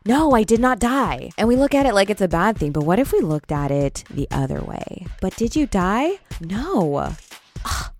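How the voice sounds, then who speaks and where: A woman's voice: animated, a little fast, hardly any pauses, soft background music. A young woman hosting a solo podcast, talking casually and candidly with emphatic swings in her voice. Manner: chatty, candid, emphatic with pitch jumps. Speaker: podcast host.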